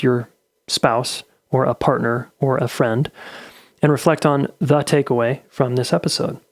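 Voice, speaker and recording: This podcast host is a man with a mid-range voice, recorded with no echo. He's easygoing and affirming through the interview and outro, dropping plenty of "uh" fillers.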